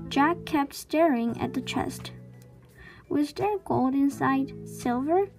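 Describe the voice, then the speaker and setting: A woman reads a children's chapter book aloud in a high voice. Her pace is slow and clear, and faint music plays underneath. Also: a little mellow. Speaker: reader.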